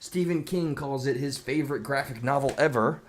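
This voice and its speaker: A man's voice: mid-range voice, moderate pace, a little hiss or hum. A man rants to the camera in a loose, rambling way, full of sarcastic asides. His voice sits in an ordinary middle register. Now and then he breaks off to read comments in a mocking tone. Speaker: video commentator. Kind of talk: casual reaction rant.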